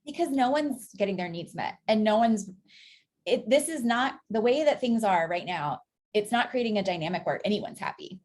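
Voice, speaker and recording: A woman's voice: mid-range voice, lively intonation, moderate pace, darkish tone, a little hiss or hum. A woman hosting a podcast, agreeing with her guest and asking questions in casual conversation. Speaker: podcast host.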